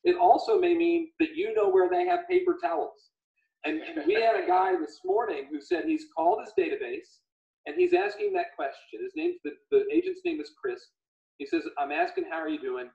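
A man hosting a casual livestream chat, animated and retelling stories in quoted voices. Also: extremely high pitch, normal speed, vocal fry. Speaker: livestream host. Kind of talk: casual video call chat. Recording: echoey room, dull lo-fi audio.

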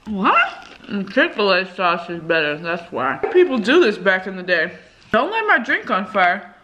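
Bright-voiced chatty young woman. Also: mid-range voice, big pitch swings, a little slow, slight background noise. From California. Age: 20s. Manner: chatty, filler-heavy, swears freely. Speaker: vlogger. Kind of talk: casual vlog chat. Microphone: handheld camera.

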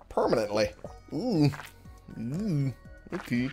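A man's voice: mid-range voice, sing-song, a little slow, pauses often, a little mellow. A man giving casual let's-play commentary, chatting to himself as he plays. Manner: chatty, talks to himself while playing. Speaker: gaming video host. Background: game music.

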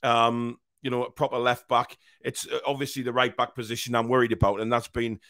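A man with a hoarse, croaky voice hosting a live football watch-along, talking in halting, repetitive, exasperated bursts. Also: mid-range voice, level tone, fairly bright tone, no room sound, studio quality. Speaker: host.

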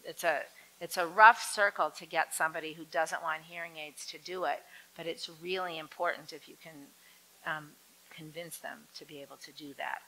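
Bright-voiced woman lecturing on dementia. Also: moderate pace, rough recording. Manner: lively, acts out quoted voices with big swings in pitch. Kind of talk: live lecture to an audience.

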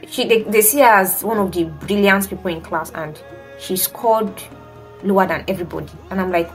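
A woman's voice: medium pitch, normal speed, soft background music. A young woman, a teacher telling a dramatic story in a casual vlog, full of exclamations and acted-out quotes. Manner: animated and dramatic, acting out quotes with many exclamations. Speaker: teacher and vlogger.

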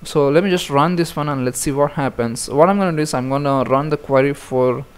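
A man's voice: a little high, a little fast, clean tone. Casual man talking through code. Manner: casual, talks through steps with many fillers and restarts. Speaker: programming tutor. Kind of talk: screen-recorded coding tutorial.

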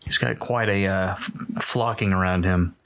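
A man's voice: deep voice, fairly even intonation, normal speed, a bit bright. A man playing a tabletop game, describing his character's moves step by step in casual talk. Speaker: player.

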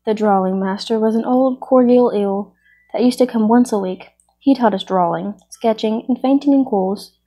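A woman's voice: fairly high pitch, normal speed, mellow, breathy edge. A woman voicing a weepy, self-pitying male Mock Turtle in a storybook reading, with a sighing, mournful, fussy way of talking. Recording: muffled lo-fi recording.

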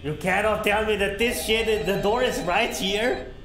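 With a high voice at normal speed and slight background noise, a young Austrian streamer plays a horror game live. He gets excitable, letting out yelps and gasps, swearing often and making crude jokes.

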